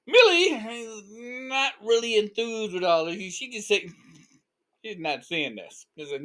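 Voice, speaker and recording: Bright, lively male storyteller. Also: high voice, slow pace, pauses often. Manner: folksy, rambling, with mild swearing and sound effects. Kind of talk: casual spoken storytelling.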